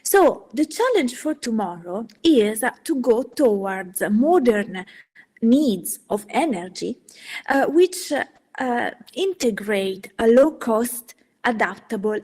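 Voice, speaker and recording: A woman delivers an academic lecture over a video call. Her voice sits a little high, and she talks in an animated, halting way, full of fillers. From Italy. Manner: animated, with frequent hesitations and fillers. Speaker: guest speaker.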